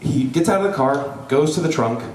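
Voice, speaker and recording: A man's voice: mid-range voice, a little fast, slight background noise. Young man telling a funny story in a hall. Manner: lively, joking, with audience asides. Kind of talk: live storytelling. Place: event hall before an audience. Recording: roomy hall, voice from a distance.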